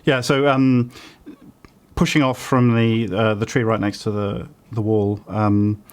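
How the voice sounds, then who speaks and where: A British man running a tabletop game as dungeon master, relaxed and chatty with lots of ums and easy laughs. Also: fairly low pitch, unhurried.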